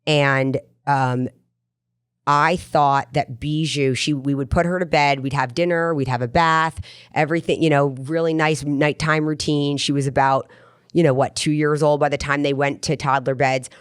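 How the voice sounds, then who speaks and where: A woman's voice: low-pitched, steady tone, normal speed, clean tone, no echo, studio quality. A middle-aged woman hosting a podcast, telling a personal story in an earnest, rambling way. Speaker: podcast host. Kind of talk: casual podcast chat.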